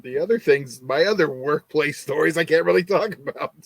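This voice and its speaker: A man's voice: fairly high pitch, normal speed, vocal fry, dry recording. A man on a podcast, answering hesitantly and laughing it off. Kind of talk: casual chat.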